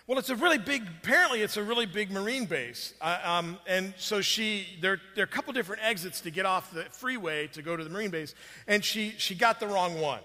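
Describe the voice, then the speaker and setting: Guy pastor telling a story in his sermon, kinda high voice, long hall echo. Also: fairly quick, bright, forceful tone. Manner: storytelling, conversational with restarts.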